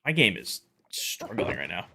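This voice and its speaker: A man's voice: low-pitched, huge pitch swings, normal speed, gravelly, pushed and bright, slight background noise. A man streaming a game live, chatting casually, thinking aloud as he sorts items and greeting viewers in chat.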